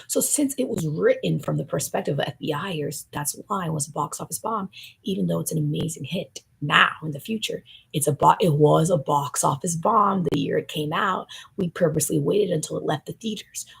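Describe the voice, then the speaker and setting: A woman rambling through a conspiratorial stream commentary, her talk swinging between hushed asides and loud outbursts. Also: low voice, fairly quick, poor audio. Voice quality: gravelly, raspy.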